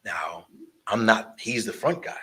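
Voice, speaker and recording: A man telling animated stories about promoting shows, swearing freely and acting out the voices of the people in them. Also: on the low side, measured pace, slightly rough. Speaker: guest storyteller, concert promoter and barber. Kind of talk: casual storytelling interview.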